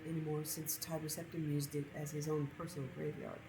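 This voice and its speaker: A woman's voice: low voice, flat delivery, brisk, vocal fry, music in the background, poor audio. Woman doing a grinning breton necromancer guy, offhand and casual.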